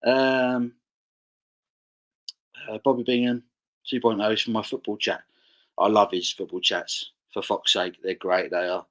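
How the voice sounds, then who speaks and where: A man's voice: lowish voice, flat delivery, a little slow, long pauses, a bit bright, low-quality recording. A man hosting a casual beer livestream, reading out viewer comments and chatting about them. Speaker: livestream host.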